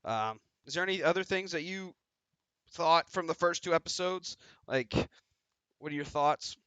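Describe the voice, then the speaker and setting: Man, stream host, casual chat, swears freely, very bright voice, dry sound. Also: on the high side, lively intonation, normal speed, smooth, no room sound.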